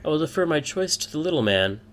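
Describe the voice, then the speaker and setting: A man's voice: a little high, very animated, quick pace, a bit bright, pitched above the performer's own voice. A man voicing a haughty, sly female rogue in a tabletop game, talking in a smug, taunting way.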